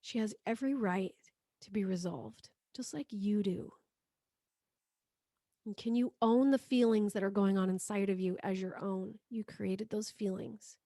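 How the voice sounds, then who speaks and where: A woman as a spiritual healing teacher, leading a guided prayer in a soft, slow voice and repeating phrases for listeners to say after her. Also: mid-range voice, steady tone, no echo, studio quality.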